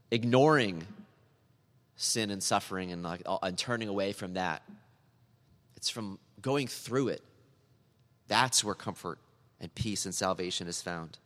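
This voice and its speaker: A man's voice: medium pitch, a bit bright, big-room sound. A man preaching a sermon in a church, earnest and building to emphatic, repeated appeals. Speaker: pastor.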